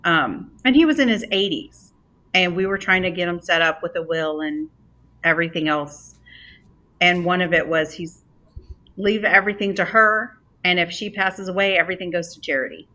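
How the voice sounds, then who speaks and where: A woman on a podcast who works in money management, telling a client story in a brisk, casual way. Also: lowish voice, sharp tone. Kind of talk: casual anecdote.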